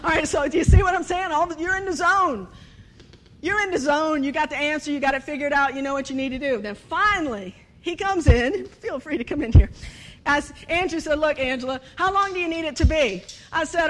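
A woman giving a humorous sermon, animated and storytelling, acting out bits of dialogue and laughing often. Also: high voice, brisk. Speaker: speaker at a church service.

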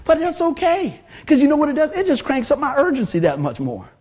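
A man in his fifties preaches a sermon in an extremely high-pitched voice, talking a little fast. He's an animated storyteller who laughs along and acts out the voices of the people he quotes.

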